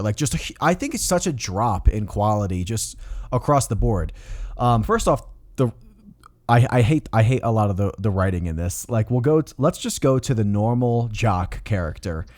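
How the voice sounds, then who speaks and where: A man's voice: fairly low pitch, animated, normal speed, darkish tone, no room sound. A young man co-hosting a casual film review podcast, blunt and critical, swearing freely as he rants. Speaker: podcast co-host.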